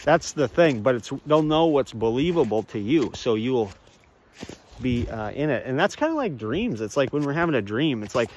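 A man's voice: mid-range voice, sing-song, slight background noise. Man rambling on an outdoor walk. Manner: halting, restarts, chuckles, addresses viewers as folks. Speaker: vlogger. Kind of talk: rambling walk-and-talk monologue. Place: outdoors on a walk among trees.

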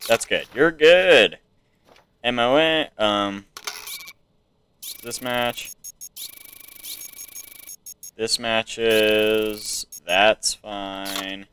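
A man's voice: on the low side, extremely slow, long pauses, a bit bright, slight background noise. An American man casually commenting to himself while playing a video game. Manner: musing, talking to himself. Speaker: gamer. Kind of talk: let's play commentary.

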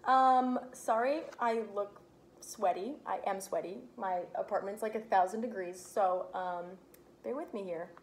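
A woman's voice: medium pitch, measured pace, poor audio. A young woman hosting a children's book read-aloud at home, chatty with lots of ums. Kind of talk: casual chat and children's book reading. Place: hot apartment at home.

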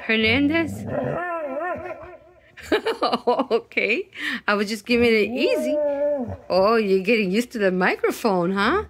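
A woman with a high, lively voice coaxes her pet at home, repeating little words in a playful sing-song. She drags each word out very slowly, as if teaching it. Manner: coaxing, sing-song, slow drawn-out words. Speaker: pet owner coaxing her dog. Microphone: handheld microphone held near the dog.

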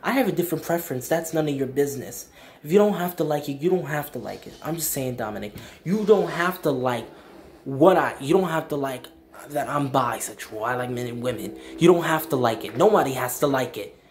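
A man's voice: mid-range voice, lively intonation, fairly quick, a little hiss or hum. A young man ranting in a vlog, emphatic and blunt, repeating his points with slang. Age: young adult. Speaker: vlogger. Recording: echoey room.

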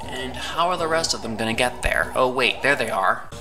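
Animated low-voiced woman narrating gameplay. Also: normal speed. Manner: playful, excitable, talks to game characters. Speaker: gaming channel host. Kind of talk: let's play commentary. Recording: music playing under voice. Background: background music.

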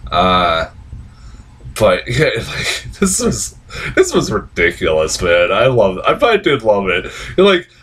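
A man's voice: slow, husky. A man giving a casual, rambling spoken film review, swearing freely and leaning on "like" as filler. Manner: rambling, profane, heavy use of "like"; excitable, swings into high-pitched outbursts. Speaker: movie reviewer.

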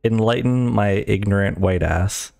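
A man's voice: lowish voice, measured pace, creaky, a little mellow. A young man livestreaming a strategy game, chatting casually and laughing often in a flustered, self-mocking way. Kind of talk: casual gaming stream chat.

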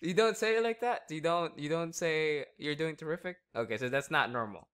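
A man working as a hypnotist, talking slowly and softly through a hypnosis induction and then chatting and laughing with his subject. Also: on the high side, smooth. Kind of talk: hypnosis session.

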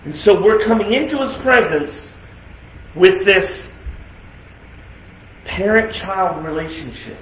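A man preaching a sermon as pastor, emphatic, asking rhetorical questions and swinging between loud declarations and quiet, soft asides. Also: sits high, expressive, slow, pauses often, slight background noise. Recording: echoey room sound.

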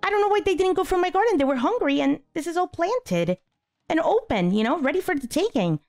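A woman hosting a gaming channel, giving casual let's-play commentary, exasperated and swinging between high yelps and low mutters. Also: sing-song, a little fast, a little mellow, faint music behind.

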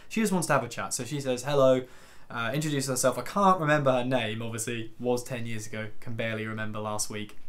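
A man's voice: medium pitch, steady tone, fast, few pauses, fairly bright tone. Rambling young man telling a story. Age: 20s. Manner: rambling, self-deprecating storytelling with lots of fillers. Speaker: YouTuber. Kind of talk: story-time vlog.

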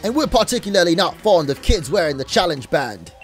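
A man voicing a rowdy young punk gang member in a game, with a put-on mixed British accent and a gruff, scolding manner. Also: on the high side, very animated, fairly quick, soft background music.

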